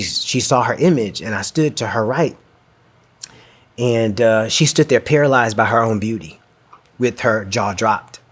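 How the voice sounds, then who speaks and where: A man giving a talk, telling a personal story in an earnest, reflective way that turns emotional, acting out dialogue as he goes. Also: medium pitch.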